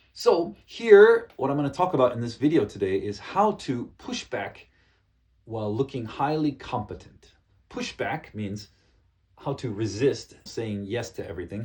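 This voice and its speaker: A man giving a business English lesson in a lowish voice that swings up and down a lot. He repeats key points and checks in often with a quick "okay?". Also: darkish tone. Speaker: English teacher.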